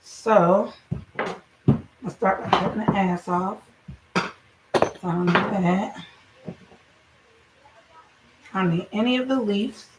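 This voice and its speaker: A woman's voice: mid-range voice, slow pace, pauses often. Chatty woman cooking in an echoey kitchen. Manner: chatty, salty, talks straight to viewers. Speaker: home cooking show host and mother. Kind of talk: casual livestream cooking chat. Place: home kitchen. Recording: echoey room, voice from a distance, faint noise.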